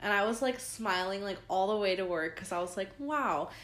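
A woman's voice: medium pitch, steady tone, fairly quick, fairly bright tone. A young woman co-hosting a podcast, telling stories in a casual, chatty way full of fillers, sounding tired. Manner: chatty storytelling with many likes and ums. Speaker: podcast co-host. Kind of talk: casual chat. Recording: roomy echo.

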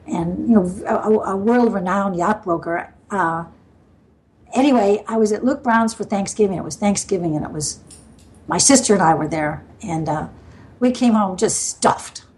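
An older woman from the US Midwest talks as a podcast guest. She tells her stories in a loose, meandering way, full of fillers and quick laughs. Her voice sits at an ordinary middle pitch. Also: a little mellow, rough recording. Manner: rambling, laughs often, many fillers. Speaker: guest sailor. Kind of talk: storytelling in a casual interview.

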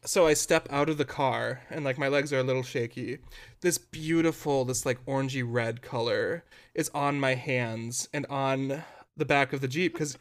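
A young man, a podcast co-host, telling a story in a casual, animated, dramatic way that keeps breaking into laughter. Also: mid-range voice, normal speed.

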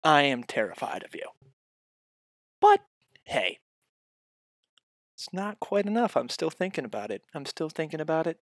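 A man delivering a profane comedic rant straight at the listener, swinging between loud outbursts and muttered asides. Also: a little high, big pitch swings, moderate pace, long pauses, dry recording, clean studio sound. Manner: heavy swearing, addresses the listener directly.

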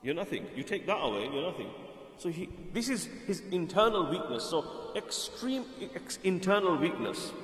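A man's voice: high-pitched, sing-song, normal speed, faint music behind. Earnest man preaching in an echoey hall. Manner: earnest, explanatory, repeats phrases for emphasis. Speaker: Islamic preacher. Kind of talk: sermon.

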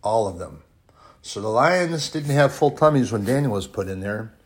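A man preaching a sermon, retelling a Bible story and reading scripture aloud, rising to loud bursts and dropping to quiet, slow lines. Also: on the low side, animated, husky. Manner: reads scripture in old-fashioned phrasing.

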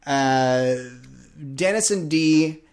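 A podcast host chats casually, swearing freely and telling stories with loose, animated energy. He speaks very slowly in a clean, mid-range voice.

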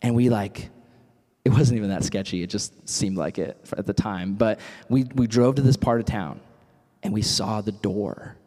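A young man giving a casual, animated youth sermon full of stories and acted-out quotes. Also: on the low side, normal speed. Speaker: youth speaker. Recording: reverberant hall.

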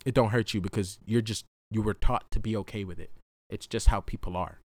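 A young man hosting a podcast, talking through a raw, profane solo monologue that swings from hushed to loud outbursts. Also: fairly low pitch, steady tone, fairly quick, dry recording, studio quality. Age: young adult. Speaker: podcast host.

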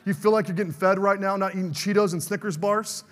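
Fervent high-voiced male preacher. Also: steady tone, fast, fairly bright tone, big-room sound. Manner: fervent, calls for amens. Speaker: pastor. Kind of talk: sermon.

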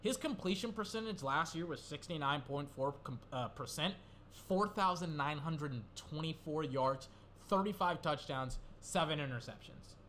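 A young gaming commentator rambles through casual solo commentary, swearing and getting worked up as he goes. His voice is on the high side and sharp, at a moderate pace, with slight background noise.

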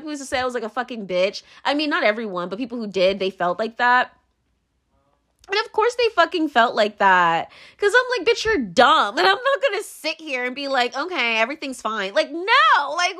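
A woman's voice: on the high side, a bit bright. A woman in her twenties hosting a solo podcast, rambling and ranting with many fillers and swear words. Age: 20s. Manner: rambling, profane, constant "like" fillers; exasperated, ranting. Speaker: podcast host.

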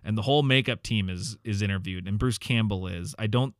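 A man's voice: lowish voice, a little fast, no echo, clean studio sound. A man co-hosting a podcast, casually recapping a movie with lots of fillers and restarts and acting out the characters' lines. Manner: rambling, filler-heavy, quotes characters in voices. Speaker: podcast co-host.

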